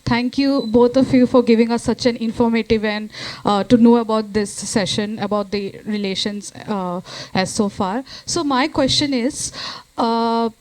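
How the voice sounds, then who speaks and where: A woman's voice: a little high, steady tone, moderate pace, a little mellow, low-quality recording. Earnest young woman. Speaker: research associate asking a question. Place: conference hall.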